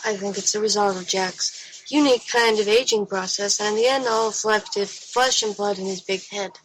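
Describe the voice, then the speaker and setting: A woman's voice: medium pitch, brisk, fairly bright tone, a little hiss or hum, low-quality recording. A woman as a guest commentator on a fan podcast, chatting casually and reading out news items.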